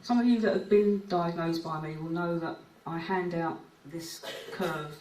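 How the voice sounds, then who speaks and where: A woman's voice: on the low side, steady tone, measured pace, darkish tone. Woman clinician giving a conference talk, chatty, voice sounds far off with lots of room echo. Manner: conversational, recounts cases and reads out clients' words. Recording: echoey hall picked up from afar.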